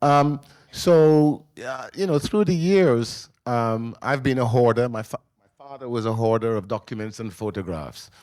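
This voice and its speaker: A man in his sixties, a memoir author telling a personal family story at a live book talk, animated and emotional, acting out the people in it. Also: mid-range voice, measured pace, no room sound. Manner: emotional, animated storyteller who acts out voices. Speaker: memoir author on a festival panel. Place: live event in a library venue.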